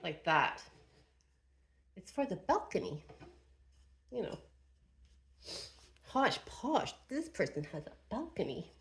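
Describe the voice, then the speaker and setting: A woman's voice: medium pitch, very animated, takes it slowly, long pauses, fairly bright tone. A woman vlogger narrating casually to herself as she assembles furniture, chatty and self-deprecating.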